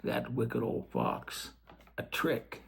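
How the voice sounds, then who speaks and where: A man voicing a small, plucky hen in a storybook reading, talking in a hurried, breathless way. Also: mid-range voice, big pitch swings, creaky, a bit bright, slight background noise, full character voice.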